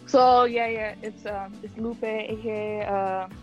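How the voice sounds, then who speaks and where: A woman guest on a casual fan podcast, cheery and excitable, often whooping. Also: mid-range voice, measured pace, lo-fi sound, soft background music.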